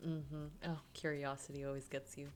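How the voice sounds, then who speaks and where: A woman's voice: very deep voice, level tone, normal speed, a little mellow. A woman playing a visual novel, reading lines and narration aloud and giggling between them. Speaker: gaming streamer.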